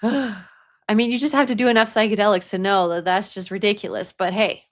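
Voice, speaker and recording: A woman's voice: medium pitch, steady tone, fairly quick. A young adult woman who works as a psychic medium, talking casually about spiritual matters, chatty, laughing often and dropping into a whisper at times. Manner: chatty, laughs often, drops into whispers while telling a story.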